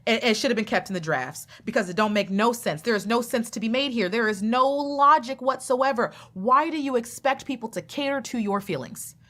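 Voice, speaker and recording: A woman's voice: a little high, a little fast, few pauses, fairly bright tone. A woman commenting bluntly and sassily. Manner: blunt, sassy and emphatic. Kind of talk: opinionated reaction commentary.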